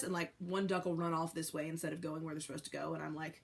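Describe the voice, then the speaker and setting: Chatty pregnant woman, low voice. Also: level tone, fast, creaky. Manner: candid, rambling, many fillers. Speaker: pregnant vlogger. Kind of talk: casual chat to camera.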